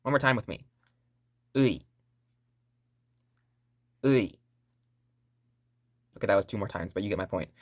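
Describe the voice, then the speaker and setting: Very low-voiced playful woman teacher. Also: animated, measured pace, pauses often, no echo, clean studio sound. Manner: playful, joking teacher drilling sounds aloud. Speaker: language teacher. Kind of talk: online language lesson.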